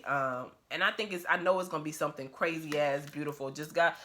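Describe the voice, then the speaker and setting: A woman's voice: low-pitched, fairly quick, hardly any pauses, fairly bright tone. A woman talking to her phone camera at home in a casual vlog, blunt, profane and emphatic, laughing often. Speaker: vlogger.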